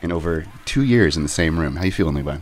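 Very deep-voiced podcast co-host. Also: male voice, fast, raised voice, faint music behind. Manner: relaxed, wry, teasing. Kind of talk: casual chat.

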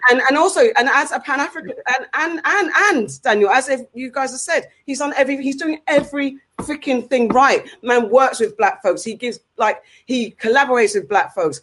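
A woman's voice: sits high, normal speed, hardly any pauses, a bit bright. A woman with a London accent, co-hosting a casual podcast and ranting heatedly, repeating herself for emphasis. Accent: London English. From England. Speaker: podcast co-host.

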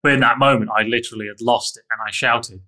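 A man's voice: mid-range voice, steady tone, fast, bright, forceful tone. A man telling a candid, self-critical personal story in an interview, with frequent restarts.

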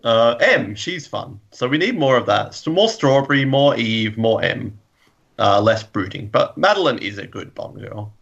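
A man's voice: medium pitch, lively intonation, moderate pace, creaky, fairly bright tone, husky, muffled recording. A man co-hosting a podcast, chatting casually and enthusiastically, often laughing. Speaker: podcast co-host. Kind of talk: casual chat.

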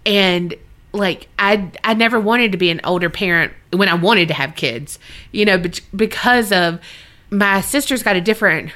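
A woman's voice: mid-range voice, moderate pace, sharp tone. A woman with a Southern American accent co-hosting a podcast, chatting casually, swearing and laughing often, and reading out listener stories. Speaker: podcast co-host.

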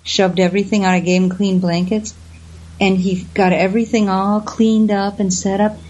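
A woman guest telling stories in an interview, lively, and she acts out the voices of the people she quotes. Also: medium pitch, normal speed. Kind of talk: storytelling in an interview. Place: lives in the Southwest US. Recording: slightly dull lo-fi audio.

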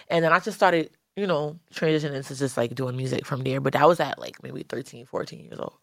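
A woman's voice: low voice, fast, hardly any pauses, fairly bright tone, no room sound, studio quality. A woman rapper, being interviewed, who talks loosely and slangily with lots of "like", restarts and casual swearing. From the Bronx, New York. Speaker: rapper, guest.

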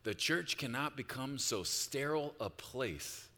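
A pastor delivering a sermon, moving between quiet reflective passages and loud, urgent appeals. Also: male voice, medium pitch, animated, unhurried, long reverb tail. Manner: swings from hushed reflection to loud, rising exhortation.

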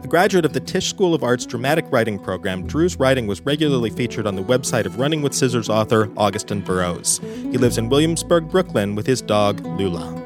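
A man hosting a podcast, reading a scripted introduction of a guest smoothly. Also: mid-range voice, lively intonation, brisk, over music. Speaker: podcast host. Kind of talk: scripted announcement.

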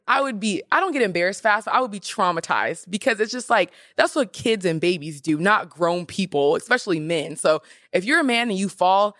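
A young woman hosting a podcast in casual chat, animated and emphatic with sassy asides. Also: mid-range voice, dry recording, studio quality. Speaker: podcast host.

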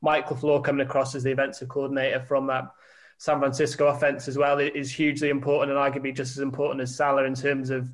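A man co-hosting a sports podcast, rambling through his opinions and joking about his own monotone. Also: medium pitch, fast. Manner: flat-toned, rambling, self-deprecating. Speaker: podcast co-host, editor. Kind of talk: casual sports podcast chat.

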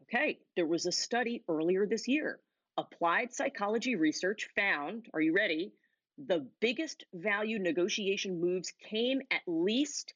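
A woman's voice: mid-range voice, expressive, fairly bright tone, dry recording. Emphatic woman coaching from a stage. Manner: emphatic, punchy phrasing with deliberate pauses. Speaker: negotiation coach and keynote speaker. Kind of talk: motivational stage talk. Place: on a stage before an audience.

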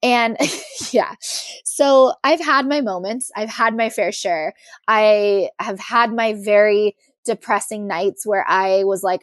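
A young woman in her twenties, a podcast guest telling her personal story in an emotional, animated way. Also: mid-range voice, unhurried, no room sound, studio quality.

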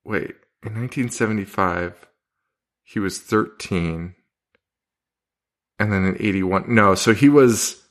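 A man co-hosting a casual horror movie podcast, loose and profane, laughing often and talking in quick bursts. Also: lowish voice, a bit bright. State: hungover. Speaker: podcast co-host. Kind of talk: casual chat.

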